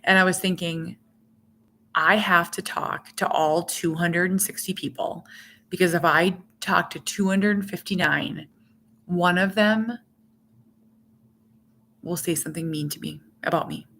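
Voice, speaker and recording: A woman's voice: lowish voice, fairly even intonation, a little slow, pauses often, fairly bright tone, slight background noise. A middle-aged woman hosting a casual live stream, rambling chattily and reading out viewer comments as she goes.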